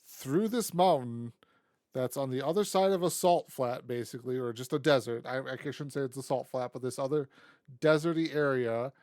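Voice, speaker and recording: A man's voice: mid-range voice, moderate pace, a little mellow, no room sound, clean studio sound. Man loosely recapping on a podcast. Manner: loose recapping, self-correcting. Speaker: podcast co-host. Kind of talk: casual chat.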